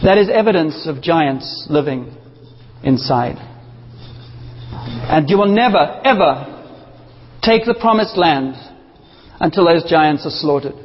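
High-voiced passionate male preacher. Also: unhurried, long pauses, in a large hall, lo-fi sound, a little hiss or hum. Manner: passionate, animated preaching with playful asides. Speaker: pastor. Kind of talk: sermon. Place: church.

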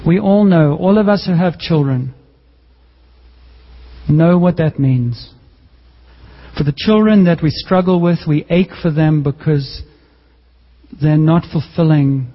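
An earnest male pastor preaches a sermon, his voice set a little high and pleading with the listeners. The sound is muffled and dull, and it rings out in a hall with a long reverb tail. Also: takes it slowly, long pauses.

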